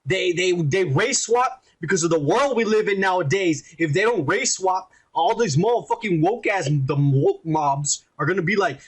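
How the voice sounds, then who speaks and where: A man from Texas hosting a casual podcast, his slightly raised voice husky and breathy. He talks in loud, crude, swear-filled banter and laughs often. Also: high-pitched, expressive, normal speed, few pauses. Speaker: podcast co-host. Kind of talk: casual profane banter, reading comments.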